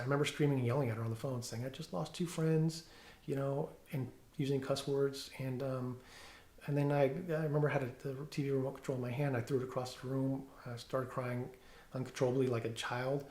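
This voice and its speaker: A middle-aged police officer giving a personal testimony at home, talking haltingly with many fillers and restarts. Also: male voice, medium pitch, little pitch movement, darkish tone, echoey room. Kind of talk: personal testimony, reading from notes. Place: room at home.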